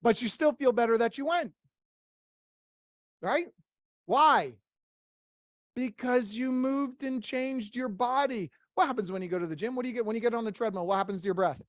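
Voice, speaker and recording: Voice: medium pitch, normal speed, long pauses, no room sound. A workshop leader giving an interactive motivational talk, firing rhetorical questions at the group in a plain, blunt way with casual swearing.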